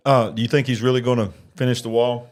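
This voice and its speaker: A man hosting a casual live election-night stream, chatting and eating while he reads viewer comments. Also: mid-range voice. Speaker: livestream host.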